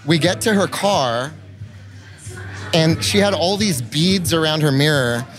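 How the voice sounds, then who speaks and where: A man with a somewhat high voice tells a wild anecdote as a podcast guest, with faint music behind him. He is expressive and swears freely, and he acts out the quotes with real flair. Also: unhurried. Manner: expressive and profane, with lively acted-out quotes. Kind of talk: animated anecdote-telling in an interview. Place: trade show convention.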